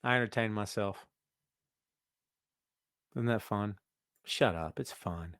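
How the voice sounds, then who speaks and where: A man's voice: fairly low pitch, takes it slowly, a bit bright, clear, resonant tone, dry recording, clean studio sound. A middle-aged man hosting a casual wrestling podcast, rambling and joking as he talks to his co-hosts and listeners. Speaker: podcast host.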